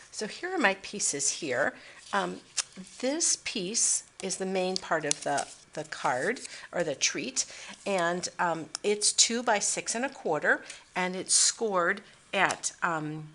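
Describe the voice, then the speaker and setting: A woman's voice: fairly low pitch, gravelly, background noise. A woman demonstrating a papercraft project at her craft table, chatting and thinking aloud with fillers as she works. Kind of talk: casual craft tutorial.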